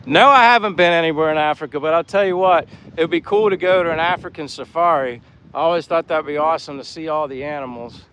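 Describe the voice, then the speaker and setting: A man's voice: a little high, fast, fairly bright tone, poor audio. Chatty American man on an outdoor walk. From Pennsylvania, USA. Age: 50s. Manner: rambling and friendly, reads chat comments aloud. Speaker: vlogger, live-stream host. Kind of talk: casual live-stream chat while walking. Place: outdoors by the sea in a town. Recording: faint outdoor noise, wind on mic. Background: breeze and faint street and boat sounds.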